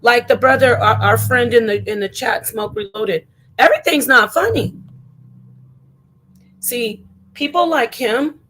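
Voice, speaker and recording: A woman hosting a commentary show, talking in an animated, indignant way and often slipping into mocking voices. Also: a little high, measured pace, pauses often, slight background noise. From Arizona, US. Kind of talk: opinionated commentary.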